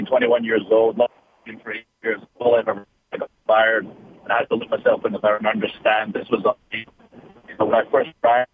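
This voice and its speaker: A man's voice: fairly low pitch, slightly rough, no echo. A Scottish man in his thirties, a wrestler, telling his story in an earnest, reflective way over the phone. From Scotland. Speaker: guest wrestler. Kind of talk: casual interview over the phone. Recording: tinny phone line with faint noise.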